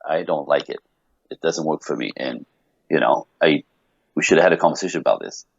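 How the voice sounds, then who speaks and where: A man, a podcast guest, telling a long personal story in an animated, rambling way full of restarts. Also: a bass voice, fast talker, vocal fry, slightly rough, no echo, dull audio. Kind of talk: casual podcast conversation.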